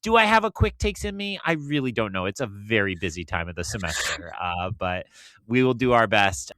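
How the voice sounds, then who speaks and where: A man's voice: on the low side, big pitch swings, fairly quick, a bit bright, no room sound. A man hosting a casual podcast chat, joking and laughing as he talks. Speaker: podcast host.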